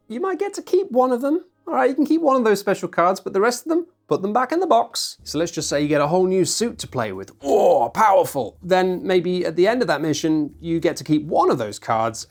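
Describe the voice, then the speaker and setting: Lively, playful board game reviewer. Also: mid-range voice. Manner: playful, acts out players' lines in mock voices; chatty, self-mocking asides. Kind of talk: video review, talking to camera.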